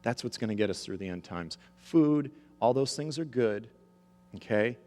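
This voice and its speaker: A man's voice: mid-range voice, animated, normal speed, a little mellow. A man in his thirties or forties preaching a sermon emphatically, checking the audience's agreement, in a large hall with long reverb. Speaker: preacher and author.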